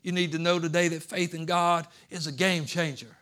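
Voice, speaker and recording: Bright-voiced man preaching a rousing sermon. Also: fairly high pitch, steady tone, moderate pace. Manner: preaching, building to loud shouted cries; folksy Southern-style grammar like ain't and gonna. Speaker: pastor. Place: church sanctuary.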